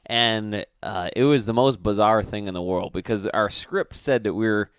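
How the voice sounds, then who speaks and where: A man co-hosting a livestream, telling stories in casual chat with an animated delivery and plenty of swearing. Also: fairly low pitch, moderate pace, clear, resonant tone, dry recording, studio quality. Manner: animated storyteller, swears freely. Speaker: livestream co-host.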